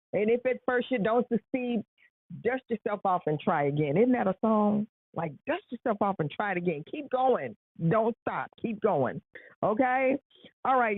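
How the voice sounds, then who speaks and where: A woman's voice: on the low side, dry recording. Earnest woman on a tinny phone line. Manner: earnest, preachy, repeats rhetorical questions. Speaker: live-stream host. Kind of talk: casual motivational talk.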